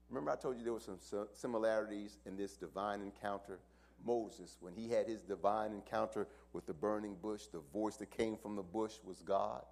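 A male preacher speaks directly to his congregation during a sermon, lurching dramatically from loud cries to near-whispers. His voice is lowish and gravelly, and he moves at a brisk pace.

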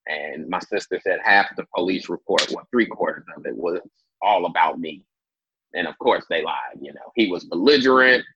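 A man telling a long story in a casual interview, animated and swearing freely as he acts out what people said. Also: low voice, moderate pace, background noise. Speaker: interview guest. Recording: dull lo-fi sound.

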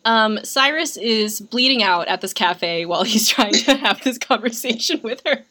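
A woman's voice: fairly high pitch, lively intonation, normal speed, bright, forceful tone. A young woman co-hosting a casual film recap, chatty and sarcastic with lots of filler words. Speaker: podcast co-host.

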